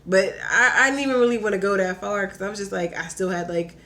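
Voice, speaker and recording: Chatting casually on a podcast, this young guest shares a personal story quickly in a mid-range voice. She's animated, peppers everything with "like," and acts out what she herself said.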